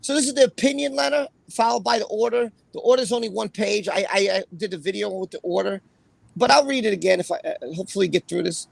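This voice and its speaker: Raspy high-voiced man hosting a livestream. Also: quick pace, no room sound. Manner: rambling, chatty, with fillers and repeated phrases. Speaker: livestream host. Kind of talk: casual livestream commentary, reading a court opinion aloud.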